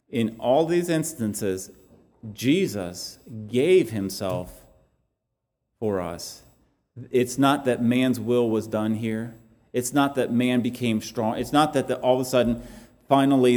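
Earnest preacher in a reverberant hall. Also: male voice, mid-range voice, darkish tone. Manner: earnest, halting with repeated restarts. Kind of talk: sermon.

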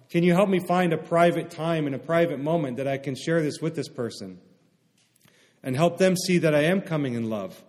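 A man preaching in a relaxed, conversational way, with a voice that sits a little high for a man. He often pauses to ask his listeners "right?". His voice rings out into a long hall reverb. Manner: conversational, asks the congregation "right?". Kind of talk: sermon.

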